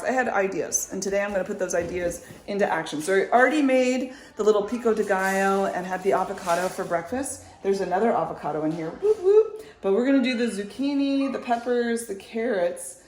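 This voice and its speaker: A woman's voice: medium pitch, slight background noise. A woman in her thirties chatting casually to her viewers in a vlog, upbeat and rambling, with lots of likes and ums. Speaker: vlogger, mother.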